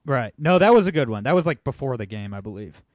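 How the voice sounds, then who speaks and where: Male podcast host, mid-pitched, loose and rambling delivery, dry close recording. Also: big pitch swings, fast, dry recording, highs cut off. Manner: loose, rambling, full of fillers. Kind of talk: casual podcast chat and ad read.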